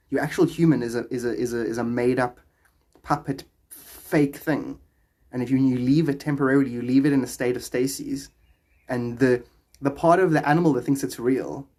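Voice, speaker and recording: A man's voice: mid-range voice, darkish tone. A man streaming from his phone, chatting casually and answering viewer questions, laughing often and rambling playfully. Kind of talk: casual livestream chat.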